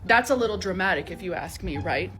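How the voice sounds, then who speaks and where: A woman's voice: on the low side, expressive, brisk, fairly bright tone, faint music behind. A woman commenting indignantly, firing off rhetorical questions. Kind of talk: reaction commentary.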